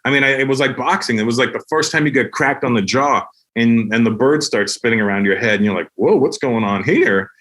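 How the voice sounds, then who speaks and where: A middle-aged man from Canada chats as a podcast guest. He tells animated stories and slips in and out of exaggerated voices for the people in them. His delivery is casual and profane, with a medium-pitched voice. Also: fast, few pauses. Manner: animated storyteller who acts out voices with lots of profanity. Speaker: guest comedian.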